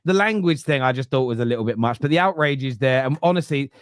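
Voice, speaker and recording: A man's voice: medium pitch, quick pace, clean tone, dry recording, studio quality. A man in his thirties from England, hosting a casual football podcast, swearing freely and acting out quotes. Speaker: podcast host.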